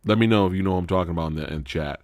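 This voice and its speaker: A man's voice: low voice, very fast, no echo. A man hosting a casual live stream, telling stories with lots of swearing and laughter. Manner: profane, animated storytelling with frequent laughter. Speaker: host.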